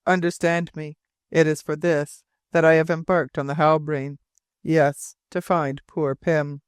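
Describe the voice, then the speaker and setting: A rough frontier sailor who stumbles over his words and repeats himself with stubborn emphasis, as a man reads him in an audiobook. The voice sits a little high and the recording is dry and close. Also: flat delivery, a little slow, dry recording, close to an everyday voice. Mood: insistent. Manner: broken, repetitive, emphatic phrasing. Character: rough, halting old frontier sailor, insistent.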